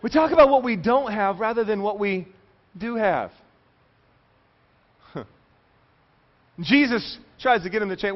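A man preaching a sermon as pastor, animated, telling stories and acting out quoted voices. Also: high-pitched, unhurried, pauses often, highs cut off.

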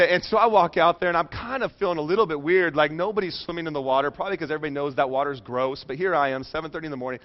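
A middle-aged man delivers a sermon as a rambling personal story, cracking jokes and then going hushed for the tender parts. His voice sits a little high for a man. The recording is dull and lo-fi. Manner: animated, joking, drops soft and low for emotional parts. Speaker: pastor. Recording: dull lo-fi sound.

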